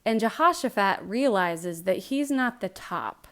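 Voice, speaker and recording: Casual woman Bible teacher, conversational retelling with a smooth tone. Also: medium pitch, lively intonation, a little slow, fairly bright tone. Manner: chatty, jokey retelling.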